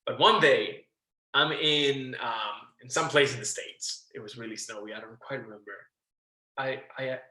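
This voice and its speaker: A man guest on a casual interview podcast, telling a backstage story with lively acted-out quotes, swearing and laughing. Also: medium pitch, moderate pace, echoey room, low-quality recording. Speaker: guest, musical theatre actor.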